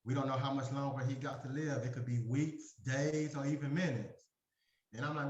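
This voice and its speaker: This group member's mid-range voice stays fairly even in intonation at a normal speed, captured with a roomy, dull sound. He rambles through a long personal story at a support group, using lots of fillers and acting out recalled dialogue.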